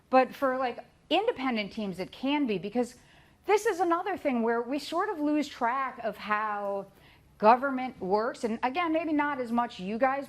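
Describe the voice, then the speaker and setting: A middle-aged woman giving a talk, telling her own story with lively asides and acted-out quotes. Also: mid-range voice. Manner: lively storytelling, acts out quoted voices, laughs at herself. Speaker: conference speaker.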